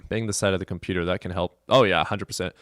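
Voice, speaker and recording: Male stream host at a home desk: loose, profane storyteller, low pitch, dry desk mic. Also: fairly even intonation, fast talker, a bit bright, dry recording. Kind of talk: casual live-stream chat.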